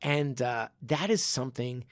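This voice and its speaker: A man hosting a podcast and telling animated stories as a martial arts instructor in casual chat. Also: medium pitch, unhurried, no echo. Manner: animated storytelling with frequent laughs.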